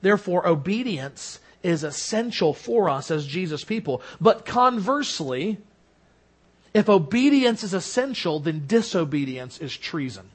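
A man preaching a sermon in an earnest way, rising for emphasis and dropping to soft, low endings. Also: big pitch swings, unhurried, slightly rough. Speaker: pastor.

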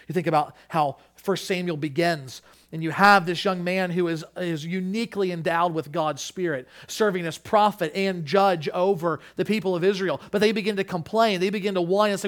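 A man preaching a sermon, stressing his points by repeating phrases and moving between loud, urgent peaks and quiet, hushed drops. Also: high voice, fairly even intonation, moderate pace. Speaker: pastor.

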